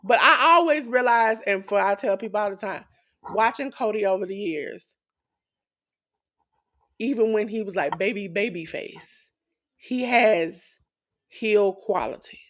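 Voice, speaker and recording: Animated woman co-hosting a wrestling podcast. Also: medium pitch, a little slow, pauses often. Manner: animated, acts out quotes in voices. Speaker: podcast co-host. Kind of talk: casual wrestling podcast chat.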